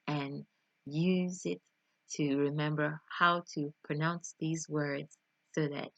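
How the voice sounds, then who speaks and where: A woman's voice: low-pitched, vocal fry, no echo, muffled recording. A woman teaching English pronunciation in an online video lesson, speaking carefully and exaggerating each sound in drills.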